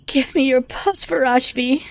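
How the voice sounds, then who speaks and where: A man voicing a passionate, devoted young female wolf-like creature in a breathy, pleading, high voice in an audio story. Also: a little slow, exaggerated voice.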